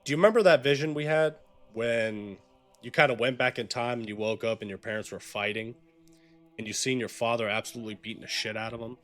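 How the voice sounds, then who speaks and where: A man's voice: medium pitch, steady tone, fast. A young man running a tabletop game as game master, narrating scenes in a casual, vivid, profane way.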